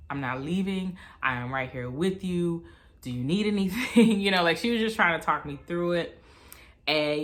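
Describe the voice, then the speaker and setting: A woman in her thirties telling a personal story in a chatty, animated vlog style. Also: sits low. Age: 30s. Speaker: vlogger.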